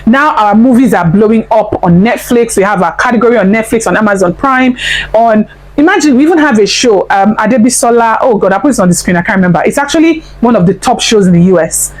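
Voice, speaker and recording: A woman from Nigeria with a Nigerian accent, hosting a casual commentary vlog. She talks in an animated way, repeats phrases for emphasis and laughs often. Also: on the high side, fast, low-quality recording. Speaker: commentary channel host.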